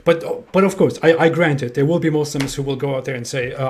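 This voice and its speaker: A man's voice: on the high side, a little fast, hardly any pauses, a little mellow, slight background noise. A man in casual live-stream chat, indignant and sarcastic, restarting his phrases often. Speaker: co-host.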